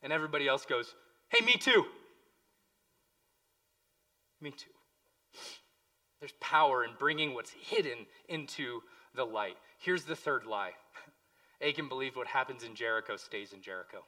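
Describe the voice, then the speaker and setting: A man preaching a sermon as pastor, impassioned, moving between hushed pleading and loud emphasis. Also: medium pitch, moderate pace, far from the mic.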